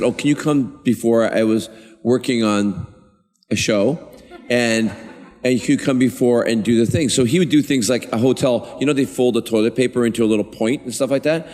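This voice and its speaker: A man on a convention panel spins a long anecdote, stopping and restarting as he goes. His voice sits at a middle pitch and carries the long reverb of a big hall. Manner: rambling, animated anecdote with many restarts. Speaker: panel guest.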